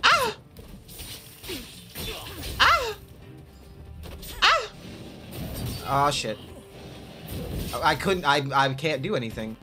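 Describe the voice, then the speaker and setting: Cursing at foes and addressing the game itself, this streamer sounds frustrated as he comments on his gameplay. He speaks slowly with long pauses, his medium voice swooping wildly in pitch, over loud background game music.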